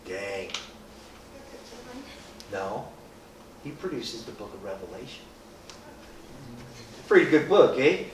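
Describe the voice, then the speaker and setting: A man leading a group gives an informal, joking Bible talk in an echoey room, using a low voice with big pitch swings, a slow pace and long pauses. He's conversational, asks rhetorical questions, often adds "right?", and acts out people's reactions for laughs. The recording sounds roomy and distant, with faint hiss.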